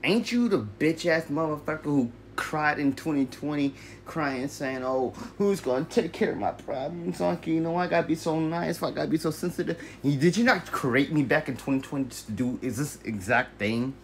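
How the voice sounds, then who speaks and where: A man's voice: on the high side, normal speed, hardly any pauses, slight background noise, pitched above the performer's own voice, close to an everyday voice. A man voicing his own brash, combative alter ego in a self-dialogue skit, swearing and firing off rhetorical questions. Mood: mocking.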